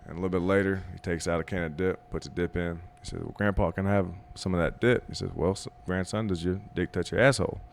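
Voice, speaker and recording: A man's voice: low-pitched, steady tone, quick pace, vocal fry, few pauses, a little hiss or hum. A man on a casual comedy podcast, telling a long joke in a rambling, hesitant way. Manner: rambling, hesitant storyteller with fillers.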